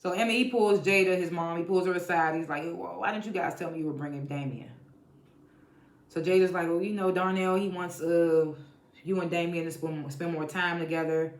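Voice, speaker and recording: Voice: mid-range voice, steady tone, fairly quick. Profane TV recapper in an echoey room. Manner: blunt, profane, laughs often while retelling. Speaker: TV show reviewer. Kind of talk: casual episode recap.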